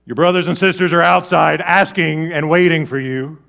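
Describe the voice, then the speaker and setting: Preaching from the pulpit, this male pastor has a gravelly voice and a moderate pace. His animated, conversational delivery alternates between booming moments and hushed, low remarks.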